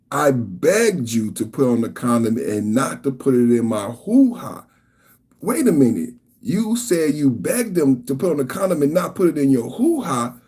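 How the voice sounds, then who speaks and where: A man hosting a podcast, giving casual commentary in an animated, incredulous way. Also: medium pitch, husky. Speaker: podcast host.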